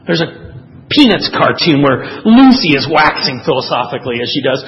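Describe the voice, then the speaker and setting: A man's voice: on the high side, normal speed, in a large hall, muffled recording. A man preaching a sermon, telling stories and acting out quotes with energy. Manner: animated storyteller, voices quotes. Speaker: pastor.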